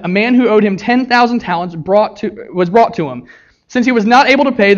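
High-voiced preaching man, lo-fi. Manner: earnest preaching with childhood story and scripture reading. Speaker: pastor. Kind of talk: sermon.

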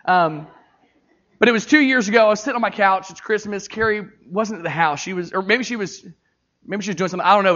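Male pastor, middle-aged, sermon, playful then heartfelt, bright edge, muffled lo-fi sound. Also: high-pitched. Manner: animated, jokey, crowd-engaging; earnest and emotional.

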